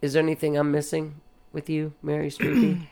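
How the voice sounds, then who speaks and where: A man's voice: on the high side, fairly quick, creaky, a loud crowd. Joking man hosting a casual chat. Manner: joking, teasing. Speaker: podcast host.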